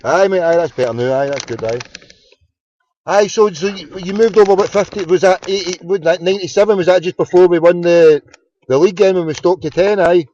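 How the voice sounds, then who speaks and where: Glaswegian male host, chatty and casual, a bit high-voiced, dry lo-fi home recording. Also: brisk, mellow, a little hiss or hum. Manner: chatty, fumbling with the tech between calls. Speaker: phone-in show host. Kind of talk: casual phone-in chat. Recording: dull, lo-fi home broadcast.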